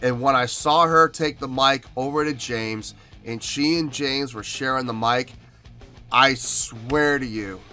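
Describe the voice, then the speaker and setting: A man's voice: medium pitch, unhurried, sharp tone. A man hosting a music reaction video, talking earnestly and with emotion in a casual commentary style.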